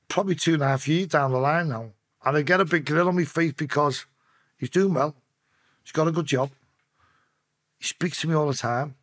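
Husky Scouse man, swearing freely. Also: on the high side, a bit bright, dry recording. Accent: Liverpool (Scouse). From Liverpool, England. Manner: blunt, heavy swearing, restarts mid-sentence. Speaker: podcast guest. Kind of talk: casual storytelling.

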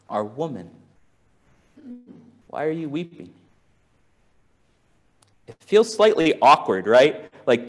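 A man preaching a sermon as pastor, musing aloud with restarts and rhetorical questions, moving from quiet and low to raised and fervent. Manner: swings from soft and low to raised and intense.

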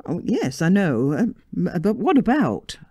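A woman's voice: on the low side, very animated, slow pace, warm tone, husky, dry recording, studio quality, heavily acted. Woman reading as a sheepish young husband. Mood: earnest, tender.

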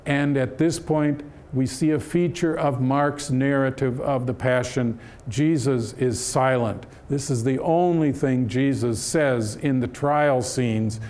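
A man giving a Bible-study lecture in a church, explaining the text in a measured way with frequent "uh" fillers. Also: medium pitch, a little mellow. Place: church hall.

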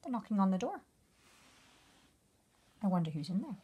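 A woman reading a picture book aloud to children as their teacher, gently asking them questions about the pictures. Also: mid-range voice, big pitch swings, normal speed, highs cut off, a little hiss or hum. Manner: gentle, asks the listener questions.

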